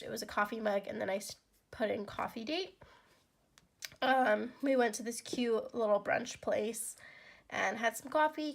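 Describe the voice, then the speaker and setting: Young woman vlogger getting over a cold, congested and a bit gravelly, chatty casual tone. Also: a little high. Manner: chatty, relaxed, frequent ums and likes. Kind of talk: casual craft flip-through.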